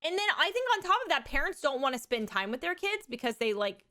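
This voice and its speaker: Woman in her thirties, streamer; bright, fairly high voice, frank rambling chat with casual swearing. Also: very animated, fast. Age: 30s. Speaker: streamer and mother.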